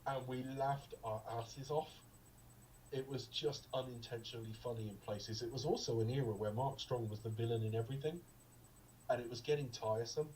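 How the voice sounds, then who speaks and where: A man's voice: mid-range voice, fairly even intonation, a little fast, darkish tone, distant mic, a little hiss or hum, low-quality recording. A man co-hosting a podcast, chatting casually about a film in a rambling, digressive way with lots of ums. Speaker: podcast co-host. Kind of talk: casual film review chat.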